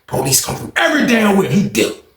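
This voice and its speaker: A man telling a prison story in casual, animated slang, acting out quotes with loud high shouts and hushed asides. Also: a little fast, roomy sound. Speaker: storyteller vlogger.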